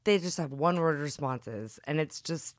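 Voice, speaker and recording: A woman's voice: deep voice, lively intonation, unhurried, no echo. A young woman joining a podcast chat, making dry, wry remarks. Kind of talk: casual chat.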